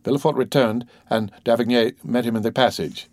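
A man narrating a classic novel as an audiobook in a steady, measured way. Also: mid-range voice, no echo. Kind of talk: scripted narration.

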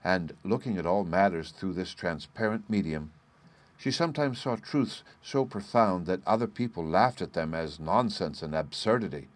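A man giving a measured storybook narration. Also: low voice, expressive. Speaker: reader.

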